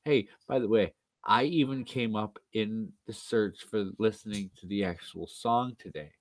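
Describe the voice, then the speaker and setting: A man's voice: lowish voice, moderate pace, no room sound. A man livestreaming, ranting in a casual, profane and sarcastic way, sounding tired.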